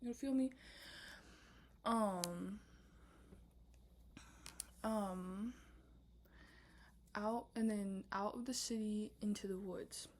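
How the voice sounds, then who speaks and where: A woman's voice: medium pitch, extremely slow, pauses often, a little hiss or hum. A young woman casually talking through her film script idea late at night, often whispering and full of filler words. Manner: whispering, then bursting into loud asides. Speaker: student pitching a film script. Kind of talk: casual chat.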